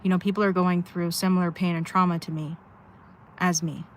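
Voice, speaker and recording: A woman's voice: lowish voice, flat delivery, a little fast, slight background noise. A woman livestreaming from inside her car at a rest stop, venting candidly and rambling with sighs. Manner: rambling, sighing, heartfelt venting. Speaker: live streamer.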